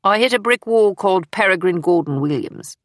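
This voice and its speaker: A woman reading the part of an older woman, a former wartime intelligence officer, in a brisk, dry, matter-of-fact manner in an audiobook. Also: mid-range voice, animated, dry recording, voice pushed up, natural voice. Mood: guarded.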